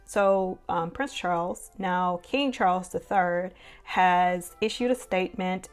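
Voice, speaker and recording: Woman history vlogger, slightly low pitch, casual rambling delivery full of fillers. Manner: conversational, rambling, many "you know" and "um" fillers. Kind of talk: casual commentary vlog.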